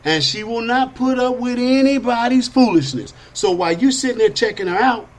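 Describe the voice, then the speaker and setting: A man hosting a podcast, telling an animated parable in street slang, swinging between high whiny character voices and low asides. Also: normal speed. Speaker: podcast host. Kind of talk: storytelling monologue.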